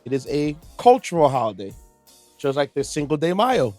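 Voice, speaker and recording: A man's voice: on the high side, very animated, normal speed, darkish tone, no echo, faint music behind. Playful showy male podcast host. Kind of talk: casual chat.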